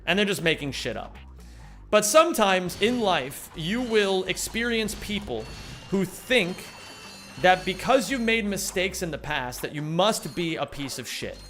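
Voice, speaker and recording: A man's voice: high voice, lively intonation, unhurried, a bit bright, soft background music. A young man live-streaming a game, chatting casually and rambling, swearing often and reading chat aloud.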